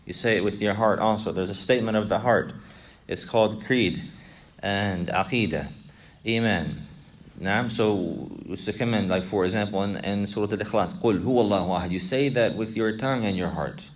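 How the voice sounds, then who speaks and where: Low-voiced man teaching a class. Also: fairly quick. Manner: repetitive, asks students questions, mixes Arabic recitation. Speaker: Islamic teacher. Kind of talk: classroom lesson explaining a text.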